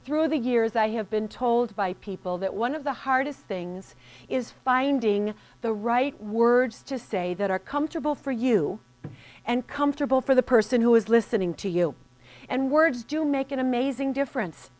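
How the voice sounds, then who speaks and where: A woman's voice: fairly high pitch, expressive, moderate pace, a little mellow. A woman business coach giving a scripted motivational lesson, speaking earnestly and directly to the listener.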